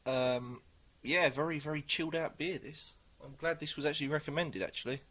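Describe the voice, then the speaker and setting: A man giving a casual, rambling beer tasting review, pausing often as he thinks aloud. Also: a little high, bright, forceful tone. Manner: rambling, hesitant, many pauses.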